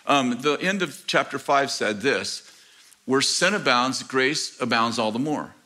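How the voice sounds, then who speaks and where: Animated American pastor telling a story. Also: male voice, medium pitch, unhurried. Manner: animated, laughing, acts out voices in the story. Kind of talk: storytelling sermon. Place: large church auditorium.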